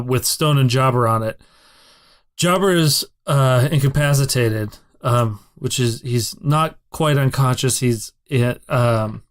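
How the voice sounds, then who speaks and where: Laid-back, slow-talking game master man. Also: mid-range voice. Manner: casual, laughs often, hesitant with fillers. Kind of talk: running a tabletop game.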